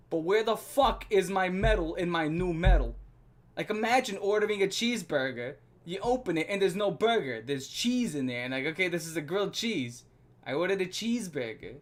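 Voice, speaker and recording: A man's voice: sits high, moderate pace. Profane, ranting streamer man. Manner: profane, excitable ranting with bursts of laughter. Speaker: streamer reacting to an album. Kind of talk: live music reaction stream.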